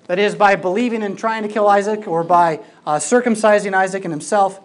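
A Bible teacher giving a classroom lecture, emphatic and lively, with informal asides. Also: medium pitch, brisk, hardly any pauses. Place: classroom with a projected screen.

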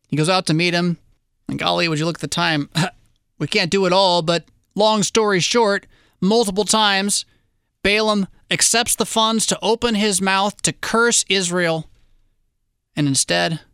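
A male pastor retelling scripture in an easy, conversational sermon style, dropping wry asides as he goes. His voice sits somewhat high, and the sound is dry and close. Animated when he leans into the story. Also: smooth, no room sound.

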